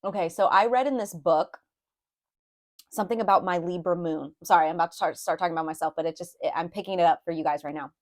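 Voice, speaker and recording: A woman with a fairly low-pitched, darkish voice talks fast while giving a casual spoken tarot reading. She rambles and confides, full of fillers and restarts, and is openly emotional about her own feelings.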